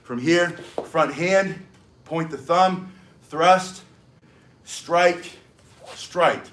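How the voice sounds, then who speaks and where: An older American man with an excitable, energetic manner, teaching self-defense in a live-streamed martial arts lesson and barking short emphatic commands. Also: a little high, very slow, a little hiss or hum. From United States. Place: home in South Florida.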